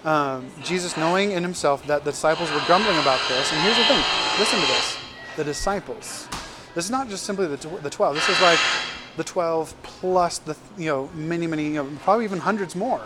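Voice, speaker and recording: A man's voice: fairly high pitch, a little fast, very noisy. Casual, slangy male preacher. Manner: conversational, paraphrasing scripture in everyday slang. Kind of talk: casual sermon.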